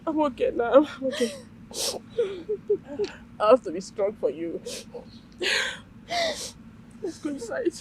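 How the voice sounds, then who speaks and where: A woman's voice: high-pitched, very animated, slow pace, long pauses, a little mellow, a little hiss or hum, exaggerated voice. An actress playing an older mother crying and pleading over her missing son. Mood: tearful. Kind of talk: Nollywood film acting.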